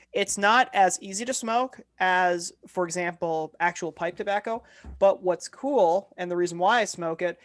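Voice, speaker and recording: A man's voice: sits high, a bit bright. Joking podcast co-host dude, teases his buddy then goes on about stuff. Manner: joking, teasing, then earnestly explaining. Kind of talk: casual podcast chat.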